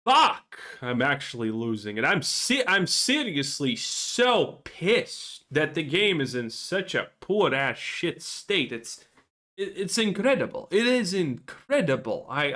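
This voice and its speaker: A man's voice: fairly high pitch, a bit bright. A man giving ranting gameplay commentary, frustrated and profane. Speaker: gaming channel host.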